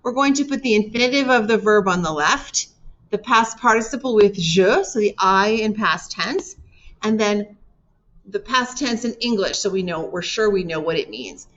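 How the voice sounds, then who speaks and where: A woman teaching a recorded French lesson, slowly modeling words for learners to repeat and prompting them warmly between drills. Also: medium pitch, animated. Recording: dull lo-fi recording.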